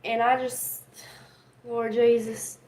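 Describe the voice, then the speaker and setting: A woman's voice: a little high, little pitch movement, slow, darkish tone, poor audio. A woman hosting a casual livestream from home, talking earnestly and with feeling to her chat viewers. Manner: earnest, emotional, talks straight to chat viewers. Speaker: livestream host.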